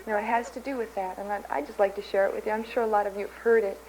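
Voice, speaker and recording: A woman's voice: medium pitch, steady tone, rapid-fire, darkish tone. A woman from Kansas giving a candid, self-mocking personal recovery testimony from a podium in a large convention hall. She laughs often at herself. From Kansas, USA. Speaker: main speaker at a recovery convention.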